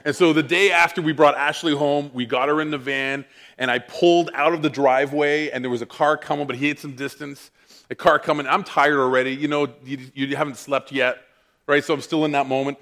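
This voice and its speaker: Guy preaching, telling a funny story on himself, animated, jumps around a lot. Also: fairly high pitch, brisk. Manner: animated, self-mocking storyteller. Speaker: pastor. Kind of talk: sermon storytelling.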